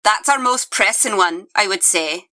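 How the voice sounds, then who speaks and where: A woman at a tabletop game speaks directly and a little crankily, her mid-range voice bright and forward. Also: medium pitch, lively intonation, normal speed, rough recording. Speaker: player. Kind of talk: tabletop role-play chat.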